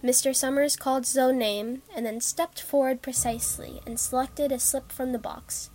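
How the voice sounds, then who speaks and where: A woman narrating a short story in a calm, measured reading voice. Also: sits high, low-quality recording.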